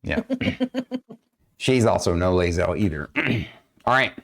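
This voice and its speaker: A man acting as dungeon master on a game stream, talking loosely with many fillers and often clearing his throat. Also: sits low, expressive, a little slow. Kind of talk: running a tabletop game stream.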